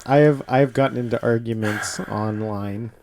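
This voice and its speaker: A man's voice: medium pitch, steady tone, moderate pace, vocal fry, darkish tone, a little hiss or hum. A man chatting as a podcast guest, blunt and swearing freely. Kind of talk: casual chat.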